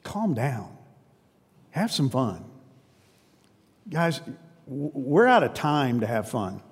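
A man's voice: mid-range voice, darkish tone. A male pastor preaching a sermon in an earnest, emphatic, conversational way. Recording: long reverb of a big hall.

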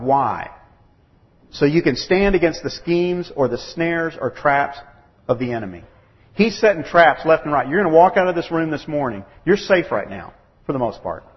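A man's voice: a little high, big pitch swings, measured pace, big-room sound, muffled recording. A man preaching a sermon to a gathering of men, emphatic and acting out quoted voices. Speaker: pastor. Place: church or meeting room.

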